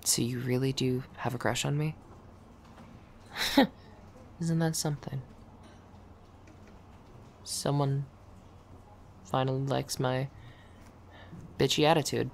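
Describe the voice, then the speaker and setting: Lady doing a sarcastic coworker gal in an audio roleplay, kinda gravelly, dry and dismissive but grudgingly soft. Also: rumbling low, steady tone, takes it slowly, long pauses, a little hiss or hum, exaggerated voice. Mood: grudgingly tender. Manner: dry, dismissive teasing that turns grudgingly gentle. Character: blunt, sarcastic woman office coworker who curses. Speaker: audio role-play performer. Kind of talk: scripted audio role-play.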